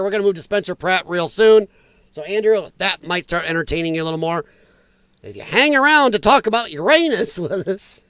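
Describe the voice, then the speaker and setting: A man hosts a political commentary livestream, ranting his opinions and answering viewer chat as he goes. His voice sits fairly high and swings widely up and down. The sound is dry and close, with almost no room echo. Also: fairly bright tone, clean tone. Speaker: host.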